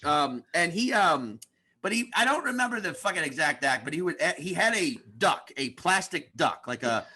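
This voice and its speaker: A man who is a guest comedian on a podcast, telling animated stories and acting out the people in them. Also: a little high, moderate pace, husky. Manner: animated storyteller, acts out the people he describes. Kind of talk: podcast chat.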